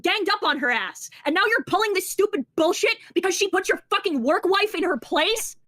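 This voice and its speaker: Very high, angry cursing woman. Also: lively intonation, fairly quick, fairly bright tone. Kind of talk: role-play confrontation in a voice call.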